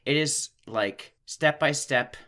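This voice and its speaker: A man co-hosting a podcast, chatting casually about a film and retelling its scenes in an animated way with plenty of laughs. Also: a little high, slow. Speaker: podcast co-host. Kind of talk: casual movie-review chat.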